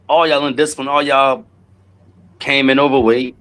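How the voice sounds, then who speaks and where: Blunt, mocking podcast co-host. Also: male voice, medium pitch, fairly even intonation, takes it slowly, a bit bright, rough recording. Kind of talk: casual chat.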